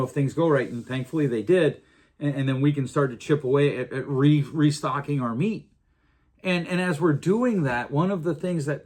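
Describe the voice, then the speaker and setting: A middle-aged man hosting a podcast, talking earnestly in a casual monologue with frequent restarts. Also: fairly high pitch. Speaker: podcast host.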